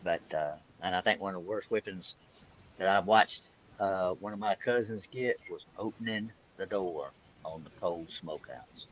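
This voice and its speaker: A man's voice: deep voice, normal speed, a little hiss or hum, poor audio. A man, chatting casually with earthy exclamations and farm memories. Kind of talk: casual chat.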